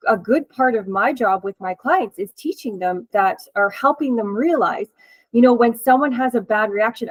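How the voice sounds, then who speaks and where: A woman's voice: medium pitch, no echo, rough recording. A woman hosting an interview and chatting casually as a coach, with a chatty, laughing manner and many fillers. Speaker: host and coach.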